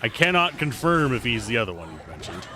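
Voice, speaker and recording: A man's voice: medium pitch, sing-song, a little fast, pushed and bright, slight background noise. A man casually commentating while he plays a video game on a livestream, chatty and playful as he thinks aloud. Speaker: streamer playing a video game.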